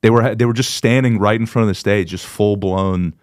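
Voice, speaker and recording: A stand-up comedian, a man, chatting casually on a podcast, telling animated stories and laughing often. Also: on the low side, brisk, no echo, clean studio sound.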